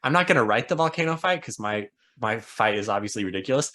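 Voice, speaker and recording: A man's voice: fairly low pitch, expressive, quick pace, bright, forceful tone. A man co-hosting a book podcast, chatting casually and laughing often at his own ideas. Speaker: podcast co-host.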